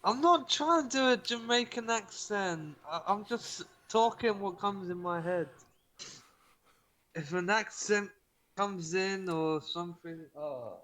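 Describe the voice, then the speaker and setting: Excitable slow-talking Englishman. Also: high voice. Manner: excitable, exclaiming, easily distracted. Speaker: player. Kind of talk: casual tabletop play.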